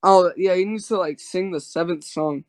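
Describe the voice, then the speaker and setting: Brief: male debater, slightly high voice, rambling filler-heavy delivery. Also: moderate pace. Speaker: debater and channel host. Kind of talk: casual online debate.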